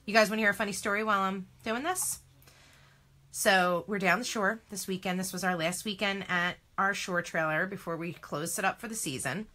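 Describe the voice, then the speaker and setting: Bright, chatty Philly-woman crafting. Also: mid-range voice, fairly even intonation, brisk. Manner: chatty, self-deprecating, exclaiming. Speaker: craft vlogger. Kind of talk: casual chatty craft demo.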